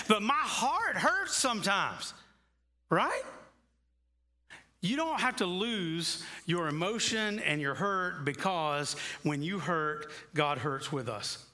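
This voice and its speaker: A pastor preaching a conversational sermon in a church, moving between easy asides and passionate emphasis. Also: male voice, sits high, bright, forceful tone. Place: church sanctuary.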